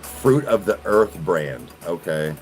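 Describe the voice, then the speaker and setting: Deep-voiced man chatting casually. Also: very animated, slow pace, faint music behind, low-quality recording. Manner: chatty, talks to his dogs. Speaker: vlogger. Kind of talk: casual vlog chat.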